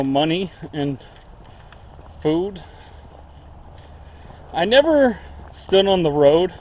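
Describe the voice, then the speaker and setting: Man, out of breath, slow casual vlog talk, lots of uhs, outdoors on a camera. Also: on the high side, darkish tone. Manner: rambling, many fillers. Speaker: vlogger. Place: outdoors in woods.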